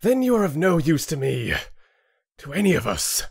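A man's voice: medium pitch, big pitch swings, measured pace, no echo, studio quality, voice pushed up. A man voicing an angry, defiant young man who speaks in a bitter, accusing tone in an audiobook.

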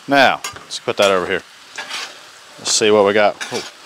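A man's voice: on the low side, moderate pace, background noise. Folksy man cooking, griddle sizzling. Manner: folksy and enthusiastic, Southern phrasing. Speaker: cooking channel host. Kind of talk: casual cooking vlog.

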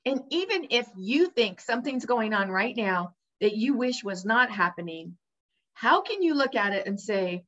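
A woman with a fairly high voice gives an emphatic, upbeat motivational talk, speaking straight to the listener as a coach would. The recording is somewhat dull and lo-fi. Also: very animated, moderate pace, fairly bright tone. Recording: dull lo-fi sound.

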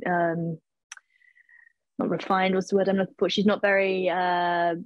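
A woman's voice: lowish voice, little pitch movement, measured pace, dry recording, dull audio. A woman in her twenties, an actress answering interview questions casually, hesitant, with many fillers and restarts as she searches for words. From England. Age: 20s.

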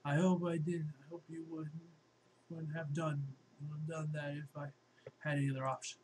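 A man voicing a weary young male hero who apologizes in a soft, halting way. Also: a little high, level tone, slight background noise, lightly acted, rough recording. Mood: apologetic.

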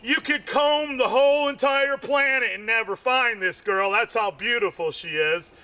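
A man telling loose, rambling stand-up jokes, adding "man" to nearly every line and breaking into shouts on the punchlines. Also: extremely high pitch, moderate pace. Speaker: amateur comedian.

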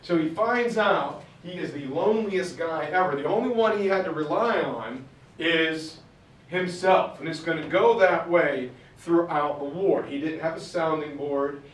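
A man giving a storytelling history lecture, acting out the quotes with shifting voices. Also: on the high side. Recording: roomy far-off mic recording.

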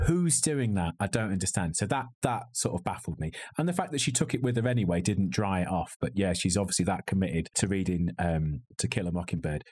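A podcast co-host with a low, slightly mellow, husky voice talks fairly quickly and animatedly with hardly any pauses. He reviews a film in a wry, joking, rambling way over slightly glitchy video call audio.

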